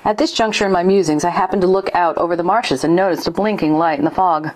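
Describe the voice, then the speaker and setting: A woman narrating a ghost story in the first person with a steady storytelling delivery. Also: fairly low pitch, fast talker.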